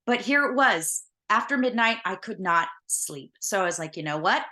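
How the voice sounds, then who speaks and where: Bright-voiced woman telling a personal story. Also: medium pitch, lively intonation, normal speed. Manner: earnest, conversational, retelling events vividly. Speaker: podcast host.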